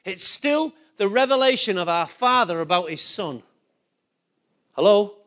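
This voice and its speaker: A man's voice: sits high, expressive, a little slow, a bit bright. A man preaching a sermon as pastor, asking the congregation rhetorical questions and rising to emphatic points.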